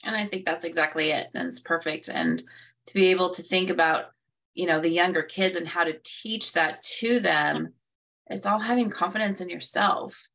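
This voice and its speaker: A woman's voice: on the low side, moderate pace, a bit bright, far from the mic. A woman co-hosting a casual conversation, who acts out quoted reactions and laughs at herself. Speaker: co-host.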